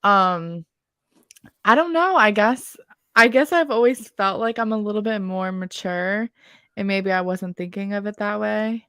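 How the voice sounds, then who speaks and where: A young woman in her twenties co-hosting a podcast, firing off playful questions and teasing her co-host. Her voice is mid-pitched and sounds close and dry. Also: unhurried, sharp tone, smooth, no room sound. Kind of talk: casual chat.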